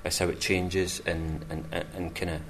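Man, actor in interview, very deep voice, measured, faint background hum. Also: little pitch movement.

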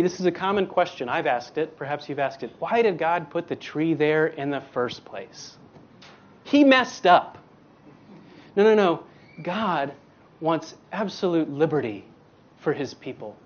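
A man delivers a sermon in an unhurried, deliberate way, pressing his points with rhetorical questions and repeated words. The recording is dull and lo-fi, like a church service taped without much care. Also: sits high. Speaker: guest preacher.

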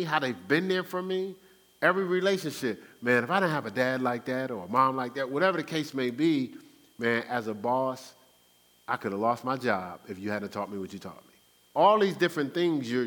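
A man giving conversational Bible teaching, animated and acting out everyday talk. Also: mid-range voice, long reverb tail. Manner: animated, acts out everyday speech. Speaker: Christian teacher. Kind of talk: conversational preaching.

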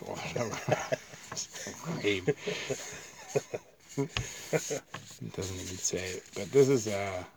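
A man's voice: fairly low pitch, very slow, gravelly, pauses often. A man from Canada co-hosting a casual beer-tasting podcast, rambling and swearing easily. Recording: noisy home recording.

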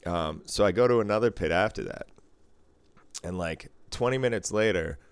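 Deep, smooth-voiced man; casual, profane storyteller who acts out dialogue; dry close sound. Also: moderate pace, no room sound. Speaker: casino floor worker. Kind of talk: casual podcast chat.

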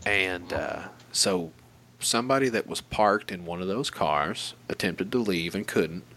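A man's voice: low voice, expressive, unhurried, fairly bright tone. A man telling a long story in casual, profane and rambling chat.

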